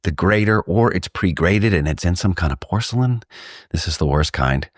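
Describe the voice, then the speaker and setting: A man from Texas co-hosting a podcast, telling rambling, animated stories in casual chat. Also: sits low, moderate pace, dry recording, studio quality. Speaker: podcast co-host.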